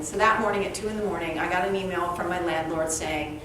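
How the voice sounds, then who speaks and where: Give me a lively woman storyteller heard from a distance, faint noise behind her. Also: mid-range voice, brisk, hardly any pauses. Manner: animated, humorous, acts out dialogue. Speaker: author and speaker, interview guest. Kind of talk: storytelling at a live author event. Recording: echoey room, distant mic, faint background noise.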